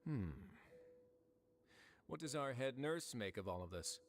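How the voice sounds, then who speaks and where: An actor playing a calm, authoritative male warden who talks in a measured, dry way, from a video game. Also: medium pitch, soft background music. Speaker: prison warden.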